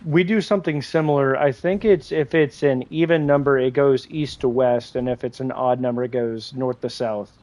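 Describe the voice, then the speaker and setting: A man's voice: mid-range voice, steady tone, moderate pace, few pauses, a little mellow, dry recording. A man streaming a game, chatting casually and rambling, full of "like" and restarts. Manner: rambling, heavy use of "like", many restarts. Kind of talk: casual chat while gaming.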